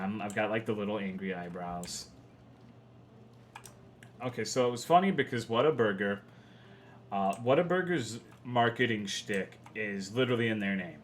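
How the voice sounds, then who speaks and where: A young Texan streamer rambles loosely through a video game in a low-leaning voice at normal speed, pausing often and swearing freely when frustrated. Faint keyboard typing sits beneath his casual livestream commentary from a home setup, along with a little hiss or hum.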